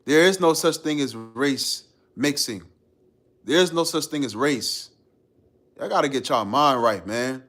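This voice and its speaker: A man hosting a casual live stream, reading out viewer comments and riffing on them in a relaxed, slangy way and laughing often. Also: mid-range voice.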